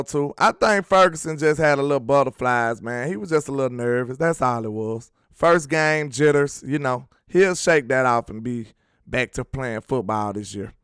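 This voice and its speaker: This sports talk host has a mid-range, slightly bright, clean voice and no room sound, in a clean studio recording. Reading comments from viewers on his casual livestream, he riffs emphatically in slang, clearly worked up over his team.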